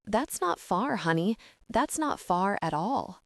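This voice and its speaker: Soothing middle-aged mom read by a woman, gentle and tender, dry close sound, mid pitch. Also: big pitch swings, takes it slowly, vocal fry, dry recording, heavily acted. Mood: tender reassurance. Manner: gentle, reassuring.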